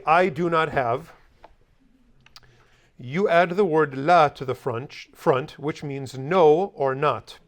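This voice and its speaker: A man's voice: a little high, takes it slowly. A male language teacher giving a classroom lesson, blunt and teasing, leading the class in drills.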